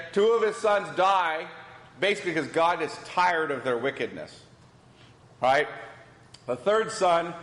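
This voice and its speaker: A man's voice: a little high, fairly bright tone. A man teaching a Bible class, asking the group questions and repeating their answers. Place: church hall. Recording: echoey hall with long reverb.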